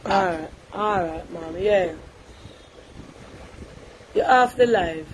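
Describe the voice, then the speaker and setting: A woman with a Jamaican accent hosting a live call-in stream, talking briskly and coaxing a caller. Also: fairly low pitch, a little hiss or hum.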